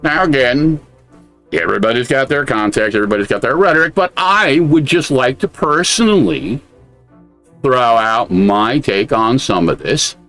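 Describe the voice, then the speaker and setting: A man's voice: mid-range voice, animated, moderate pace, fairly bright tone, soft background music. An American man co-hosting a podcast, giving blunt, casual commentary with a lot of swearing. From United States. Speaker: podcast co-host.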